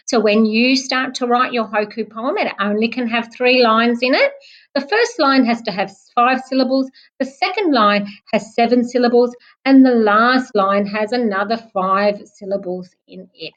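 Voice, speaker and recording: A young woman, a primary school teacher giving a recorded online lesson, explaining slowly and patiently. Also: on the high side, poor audio. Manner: clear, slow, patient explaining, clapping out syllables.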